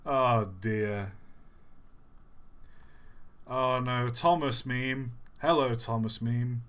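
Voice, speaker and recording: A young livestream host with a smooth, fairly bright, mid-range voice speaks extremely slowly with fairly even intonation. His casual stream chat is rambling, self-deprecating, and joking.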